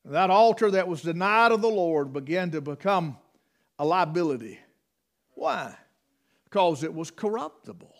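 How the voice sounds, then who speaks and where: Man preaching, homespun storyteller, rather high voice, middle-aged. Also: expressive, normal speed. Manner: folksy storytelling with rural dialect. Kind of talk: sermon.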